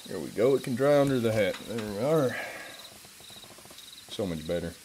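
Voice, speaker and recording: A man's voice: on the low side, expressive, moderate pace, darkish tone, a little hiss or hum, close to an everyday voice, low-quality recording. An English man voicing an easygoing cowboy in a put-on American Southern accent with a lazy, playful drawl.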